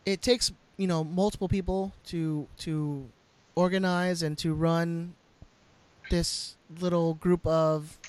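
A man's voice: on the high side, fairly even intonation, slow pace. A man co-hosting a casual podcast chat, rambling with repeated words and fillers.

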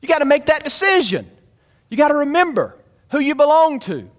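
A man's voice: very high voice, big pitch swings, fairly quick. A man preaching a sermon, emphatic and calling out to his congregation in a church. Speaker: pastor. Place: church sanctuary.

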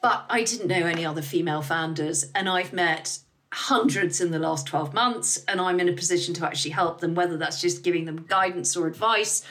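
A middle-aged woman talks frankly and with energy as a podcast guest, dropping the odd swear word. Her voice sits a little low for a woman. She tells stories with animation. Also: brisk. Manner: candid, lively, swears freely. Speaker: guest, business founder. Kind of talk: casual interview talk.

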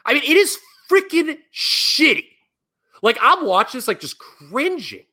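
Animated, bright-voiced man ranting. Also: very high voice, measured pace. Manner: animated, critical, swearing, rants with emphasis. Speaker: podcast co-host. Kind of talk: casual wrestling podcast chat.

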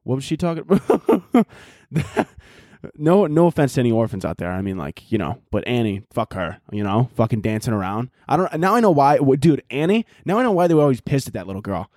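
In a medium-pitched voice with big pitch swings, a young podcast host tears into a crude, self-deprecating solo comedy rant. He talks briskly with a slightly mellow tone, recorded dry at studio quality.

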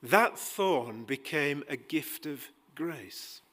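A man delivering a sermon at an unhurried, deliberate pace. His voice sits a touch high for a man and rings bright and forceful. He presses hard on key phrases and acts out quoted lines with a dry touch. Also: animated, breathy edge. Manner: emphatic, builds to loud pleading passages, then drops quiet. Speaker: preacher.

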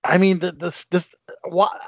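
A man hosts a loose chat about pop culture, his speech full of fillers and restarts. His voice sits a little high. The sound is dull and dry. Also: flat delivery, a little slow, no room sound. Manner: rambling, with many fillers and restarts. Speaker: podcast host.

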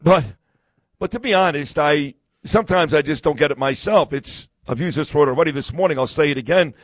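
A man's voice: fairly high pitch, fairly quick, no echo. A brash, boastful man, hosting a live talk radio show and telling stories in casual chat.

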